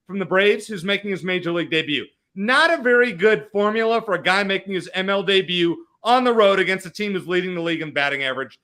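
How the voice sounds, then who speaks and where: A man's voice: high voice, bright, forceful tone. A man giving sports betting picks, reeling off stats in an upbeat way. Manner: quick stat-heavy delivery, upbeat.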